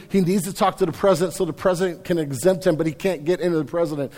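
A man preaching a sermon, talking in a casual, storytelling way and rising to forceful emphasis. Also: a little high, racing, few pauses. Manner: conversational preaching with anecdotes, builds to forceful emphasis. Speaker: pastor. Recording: long reverb of a large hall.

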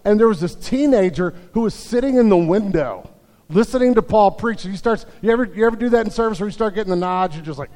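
A man with a high voice preaches to his congregation, telling a story with humor and many restarts. His voice carries a long reverb from the church sanctuary. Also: lively intonation, quick pace, a little mellow. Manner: storytelling with jokes, frequent restarts. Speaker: pastor. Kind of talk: sermon.

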